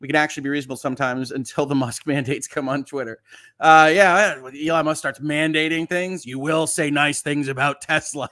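A man's voice: a little high, fairly quick. Reassuring male livestream host. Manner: reassuring, joking, lively swings in loudness. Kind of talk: casual livestream chat reading comments.

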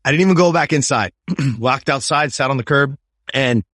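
A man in his fifties tells a personal story as an interview guest. He speaks in an emphatic, swearing way at a mid-range pitch, and the recording is dry and close. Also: moderate pace, fairly bright tone, no room sound. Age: 50s. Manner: emphatic and profane, keeps asking "right?". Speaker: podcast guest.

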